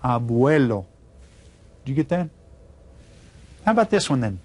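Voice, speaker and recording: A man's voice: fairly high pitch, sing-song, brisk, a little mellow. A man teaching a video Spanish lesson to children, patiently spelling words out letter by letter.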